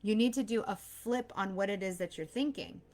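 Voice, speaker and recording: A woman's voice: mid-range voice, moderate pace, a little mellow. A woman in her thirties who is expecting a baby gives an earnest, casual motivational talk as a mindset coach and host. She often acts out anxious inner voices. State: pregnant.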